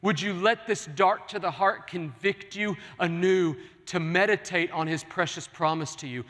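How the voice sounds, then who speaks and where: A man's voice: sits high, moderate pace, hardly any pauses, fairly bright tone. A man preaching a sermon as pastor, earnest and pleading with his congregation in a large church. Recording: long hall reverb.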